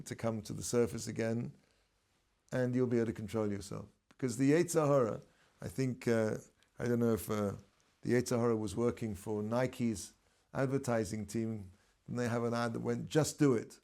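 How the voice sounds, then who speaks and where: A man, a rabbi, giving a relaxed, conversational Torah lesson, telling stories and mixing in Hebrew terms. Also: medium pitch, normal speed, creaky. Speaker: rabbi teaching a class.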